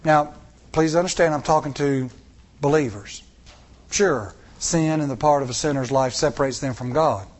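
Middle-aged man preaching a sermon. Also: medium pitch. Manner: preaching with rhetorical questions and rising emphasis. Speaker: pastor.

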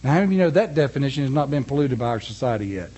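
A man preaching a sermon, reading scripture slowly and emphatically, then telling a folksy story to his congregation. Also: medium pitch, expressive, mellow, slightly rough, muffled recording.

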